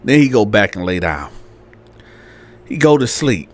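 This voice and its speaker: A man's voice: lowish voice, unhurried. A man telling a story in a casual, slangy way, checking in with "right?" and acting out the people in it. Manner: animated, slangy, repeats "right?". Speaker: storyteller, channel host. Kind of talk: casual storytelling with acted voices.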